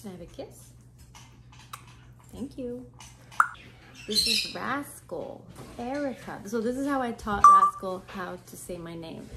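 A woman chats casually at home while filming her parrot, her voice switching between easy explanation and a playful, coaxing sing-song aimed at the bird. The recording is full of loud background noise, with birds chirping and squawking behind her. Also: medium pitch, expressive, normal speed, long pauses. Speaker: vlogger, parrot owner. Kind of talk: casual home vlog talk. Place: home, near a birdcage.

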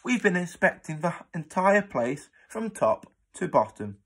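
Clever young boy played by a man, earnest, stumbling, storybook, slow. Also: high-pitched, big pitch swings, a bit bright, slightly rough, voice pushed up, exaggerated voice. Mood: explaining. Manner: earnest, halting explanations.

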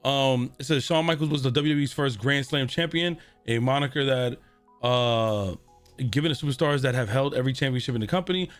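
A man's voice: medium pitch, brisk, faint music behind. A young man streaming a video game, talking casually and cursing at the screen. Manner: profane, trash-talking. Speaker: gaming streamer. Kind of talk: casual gameplay commentary. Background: video game audio.

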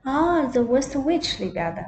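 A woman whose first language is Mandarin Chinese, a parent reading along with a child, softly prompting and echoing words in casual read-along chat. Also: high-pitched, very animated, a little slow. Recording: roomy home echo, faint background hiss.

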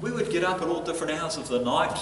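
A man preaching a sermon as pastor, telling stories in an animated way and chuckling between lines. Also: on the high side, quick pace, a little hiss or hum. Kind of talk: storytelling sermon. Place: church hall. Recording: echoey church hall from a distance.

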